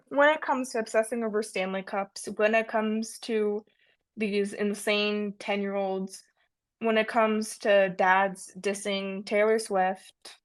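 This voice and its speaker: A young woman co-hosts a casual podcast in an easygoing way. She swears casually and laughs along with her friend. Her voice sits at a middle pitch. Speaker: podcast co-host. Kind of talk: casual chat.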